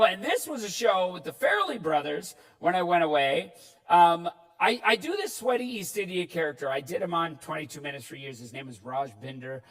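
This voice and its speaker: A Canadian actor giving a conference keynote, animated and self-deprecating, acting out quotes as he tells stories. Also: a little high, distant mic, low-quality recording. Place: conference hall.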